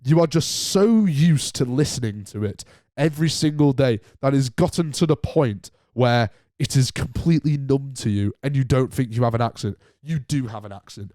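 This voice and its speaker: A young man with a Northern English accent hosts a casual solo podcast, joking and rambling with plenty of restarts. His voice sits at an ordinary middle pitch. The sound is dry and close, with no room around it. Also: normal speed, warm tone, no echo. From Northern England. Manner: chatty, jokey, rambling with restarts. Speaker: podcast host.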